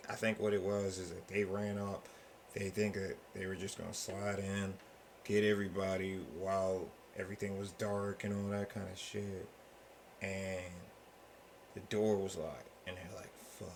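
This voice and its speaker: A man's voice: deep voice, a little hiss or hum. A man hosting a podcast, chatting loosely and swearing freely, acting out quotes as he tells it. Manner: loose, profane storytelling with acted-out quotes. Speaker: podcast host. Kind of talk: casual chat.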